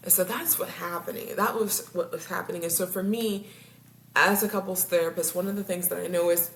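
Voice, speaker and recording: A woman's voice: fairly low pitch, fairly even intonation, brisk, fairly bright tone. Chatty woman therapist in a roomy space. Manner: chatty, speaks directly to viewers, laughs often, trips over words. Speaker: couples therapist. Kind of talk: casual talk to camera. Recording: roomy echo, faint background hum.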